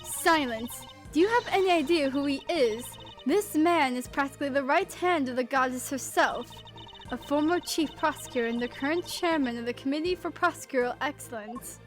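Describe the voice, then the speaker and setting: A woman's voice: high-pitched, moderate pace, soft background music, natural voice. Woman voicing a stern strict young woman. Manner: stern, scolding.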